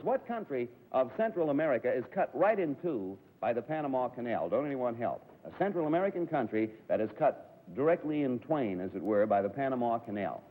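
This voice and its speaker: A man hosting a live radio quiz show, firing off questions and cracking jokes at the contestants. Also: mid-range voice. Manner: joking, quick wisecracks. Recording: tinny, hissy 1950s broadcast recording.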